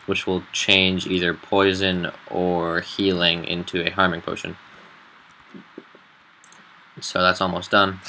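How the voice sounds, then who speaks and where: Low, flat-voiced man explaining a game build. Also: slight background noise, rough recording. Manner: relaxed, halting explanation with fillers. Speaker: game server admin. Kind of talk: casual game tutorial narration.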